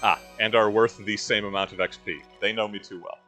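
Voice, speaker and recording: A man's voice: fairly low pitch, steady tone, fairly quick, sharp tone, faint music behind. A man giving casual, wry commentary while playing a role-playing game, with rambling history asides. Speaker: let's-play host.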